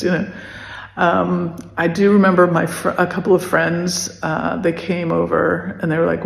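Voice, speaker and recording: Halting, gravelly-voiced woman in an echoey room. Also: on the low side, flat delivery. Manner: halting, with many restarts and pauses; soft, emotional delivery. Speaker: podcast host telling her story. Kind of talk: personal recollection. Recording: echoey room with long reverb.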